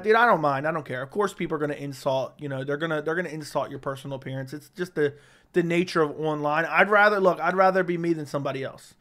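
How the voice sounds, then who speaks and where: A man's voice: a little high, fast talker, fairly bright tone. A man chatting on a livestream in a blunt, outspoken way, his voice strained and worn from too much talking. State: strained, tiring voice. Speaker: MMA commentary streamer. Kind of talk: casual livestream chat.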